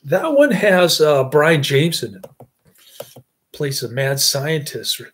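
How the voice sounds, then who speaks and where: A man's voice: fairly high pitch, sing-song, slow pace, fairly bright tone, slightly rough. A middle-aged man hosting a casual movie review chat, rambling with fillers and chuckles.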